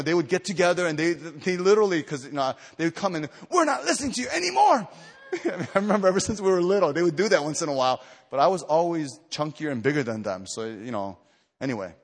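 A man's voice: fairly high pitch, in a large hall. A man preaching a sermon to a retreat gathering, telling stories with lots of fillers and restarts, then building to emphatic exhortation. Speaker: pastor.

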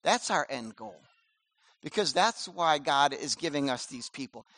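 Man, pastor, lively casual sermon, high voice, dry sound. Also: a little slow, no room sound. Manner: animated, conversational preaching with casual slang.

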